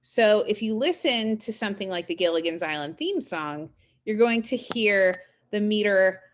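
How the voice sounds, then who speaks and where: A woman's voice: mid-range voice, lively intonation, moderate pace, slight background noise. Woman giving a recorded lecture. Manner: explanatory, with frequent fillers and restarts. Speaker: college English instructor.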